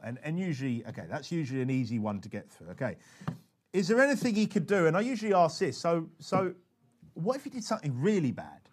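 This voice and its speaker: A man explaining how he shares his faith, in a chatty, animated way that keeps breaking off and starting again. His voice sits a little higher than most men's. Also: fast talker, husky. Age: adult father. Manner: animated and chatty, with frequent restarts. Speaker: preacher teaching soul-winning. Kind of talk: conversational teaching talk.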